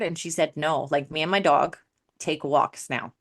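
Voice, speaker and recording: A woman who works as an addictions coach, telling a client story in casual podcast talk and acting out the dialogue with lively energy. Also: low-pitched, a little fast. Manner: animated, acts out quoted dialogue.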